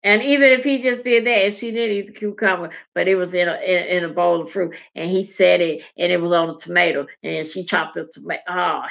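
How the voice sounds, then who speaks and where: A woman chats and tells stories, acting out the people she quotes with big swings in pitch. Her voice is bright with a gravelly edge, and the recording sounds dull and lo-fi. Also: steady tone, moderate pace. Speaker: podcast co-host. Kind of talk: casual comedic chat. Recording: dull lo-fi podcast audio.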